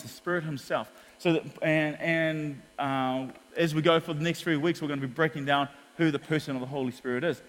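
A man with a New Zealand accent preaching a sermon as pastor, animated in his storytelling. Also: fairly high pitch, brisk, few pauses, big-room sound. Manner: animated storytelling, acts out quotes.

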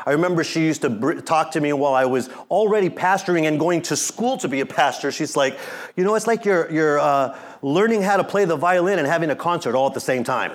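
A middle-aged man, a pastor, preaching a sermon in an animated way, acting out quotes and joking with the congregation. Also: medium pitch.

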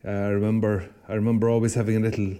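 An Irish priest co-hosting a podcast speaks in a lowish, level voice that is warm and smooth, and he talks very fast. He tells stories reflectively and conversationally, restarting his sentences often in casual podcast talk.

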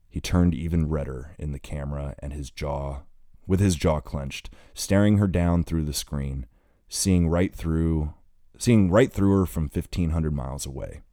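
Very deep-voiced man reading an audiobook. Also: a little slow, dark tone, no room sound, clean studio sound. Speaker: audiobook narrator. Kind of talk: audiobook narration.

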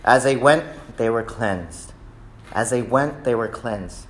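A man preaching a sermon in a conversational way, often asking "right?" and rising loud and high when acting out cries of prayer. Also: lively intonation, slow pace. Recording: echoey room.

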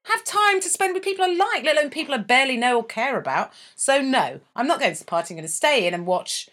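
A woman's voice: high voice, animated, fast talker, a bit bright. A woman co-hosting a podcast in casual chat, joking, teasing and laughing often, acting out quoted voices. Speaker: podcast co-host.

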